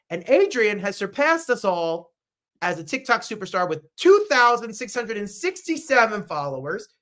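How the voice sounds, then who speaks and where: A man from New Jersey hosting a talk show, chatting casually with gushing, animated asides. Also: sits high. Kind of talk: casual livestream chat.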